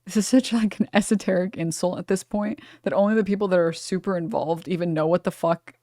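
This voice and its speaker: A woman's voice: fairly low pitch, fairly even intonation, fairly quick, mellow, no room sound. Blunt woman streamer, dry close sound. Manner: blunt, swears freely, talks straight to chat. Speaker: streamer reacting to a video. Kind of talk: casual live-stream commentary.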